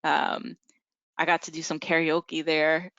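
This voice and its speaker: A woman's voice: low voice, level tone, slow pace, a bit bright, no room sound. A woman chatting casually on a video call, hesitant, with many ums and likes. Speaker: support group member. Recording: muffled video call audio.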